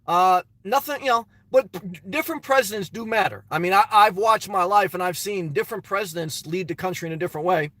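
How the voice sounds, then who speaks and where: Bright-voiced middle-aged man live streaming. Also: high-pitched, a little fast, no room sound. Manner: chatty, upbeat, calls viewers brother. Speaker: live stream host reading chat. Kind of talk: casual live stream chat. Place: parked car.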